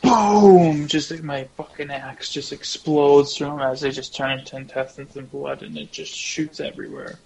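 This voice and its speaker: A man's voice: mid-range voice, flat delivery, normal speed, gravelly, few pauses, a little hiss or hum, rough recording. A man playing a tabletop role-playing game, brash and swearing freely in casual banter. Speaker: player.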